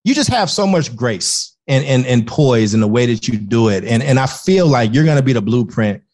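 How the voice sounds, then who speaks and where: An earnest man talks as a guest in a relaxed interview. His voice sits at an ordinary middle pitch, and his speech comes in quick, effusive bursts with frequent restarts. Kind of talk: casual interview talk.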